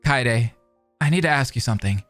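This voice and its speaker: A man reading the part of a composed teenage boy aloud from a visual novel, calm and measured. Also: medium pitch, no echo, soft background music, lightly acted.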